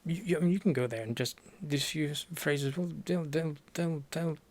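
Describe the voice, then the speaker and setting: A young man with a Norwegian accent in a whispered role-play as a language teacher, speaking softly and haltingly with deadpan jokes, close to the mic. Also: a little high. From Norway. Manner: soft-spoken, halting, deadpan joking. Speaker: ASMR creator playing a language teacher.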